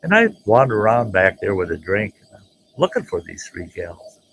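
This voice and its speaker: A man telling a folksy, animated story as the host of his own show, jumping into voices for the people he quotes. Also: lowish voice, normal speed, vocal fry, slight background noise, rough recording. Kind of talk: casual spoken storytelling.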